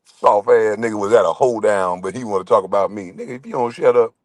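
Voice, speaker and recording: A middle-aged man hosting his own channel rants to camera in a confrontational monologue, swearing constantly. His voice is on the low side and fast, with no echo.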